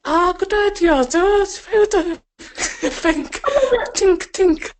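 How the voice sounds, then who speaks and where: A woman's voice: very high-pitched, takes it slowly, a little hiss or hum. A woman doing a chirpy Irish greeter.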